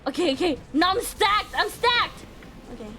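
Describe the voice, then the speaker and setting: A woman streaming a game live, reacting excitedly with yelps, laughter and chatty commentary. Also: very high-pitched, normal speed, a little hiss or hum.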